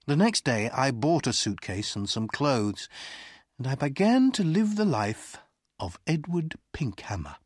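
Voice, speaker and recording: An audiobook narrator reading a story in clear, deliberate first person on a close studio mic. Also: mid-range voice, sing-song, no room sound. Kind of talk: scripted narration.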